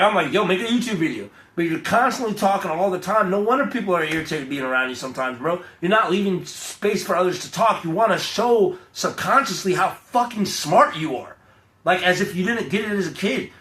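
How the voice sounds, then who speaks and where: A young man talking fast and loose in a high, bright voice, swearing and rambling as he gets himself hyped. The sound bounces around a bare, echoey room with a faint hum of ambience behind him. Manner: profane, hyped, rambling, animated. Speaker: vlogger. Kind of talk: casual rant to camera.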